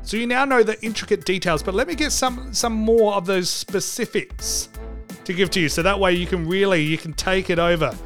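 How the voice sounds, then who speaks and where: A man's voice: sits high, a little fast, a bit bright, faint music behind. A man hosting a comedic podcast, joking and irreverent and swearing freely. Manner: joking, irreverent, mock phone call, swears. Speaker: podcast host.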